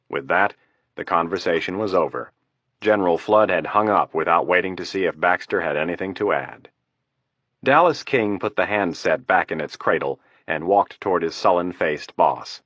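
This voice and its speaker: A man narrates an audiobook in a steady, measured way. His voice sits low. The recording is dry, with no room sound. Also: dry recording.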